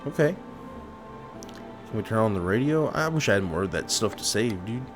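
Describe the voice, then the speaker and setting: A man giving casual, excitable gameplay commentary, talking to his chat and saying dude a lot. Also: lowish voice, moderate pace, over music. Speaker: gaming video host.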